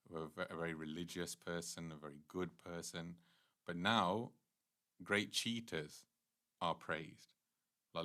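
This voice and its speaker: Low-voiced man giving a devotional class. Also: pushed and bright. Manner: earnest, retelling scripture stories at length. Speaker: temple class speaker.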